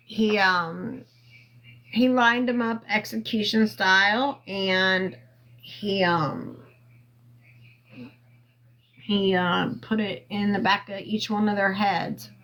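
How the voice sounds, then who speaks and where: A woman talks into her phone on a casual livestream, drawling her way through a long story at an unhurried, lazy pace. Her pitch sits in an ordinary middle range. She rambles and stalls on fillers, and she swears freely. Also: fairly even intonation, pushed and bright, poor audio. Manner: rambling, halting with many fillers, profane. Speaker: livestream host.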